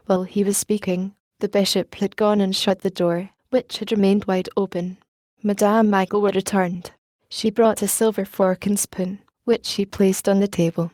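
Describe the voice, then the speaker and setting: Female audiobook narrator; mellow, dry studio read, even and unhurried. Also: medium pitch, no echo. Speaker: audiobook reader. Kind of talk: audiobook narration reading all parts.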